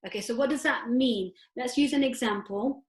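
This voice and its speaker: Woman, teacher, slightly high voice, patient step-by-step explaining, echoey room. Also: normal speed. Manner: patient, step-by-step explaining with self-posed questions. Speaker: Quran recitation teacher. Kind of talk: tajweed lesson.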